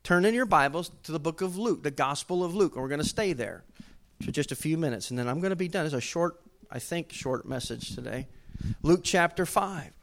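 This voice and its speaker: A male pastor, preaching a sermon in a conversational way that rises to loud, emphatic bursts. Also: a little high, animated, brisk.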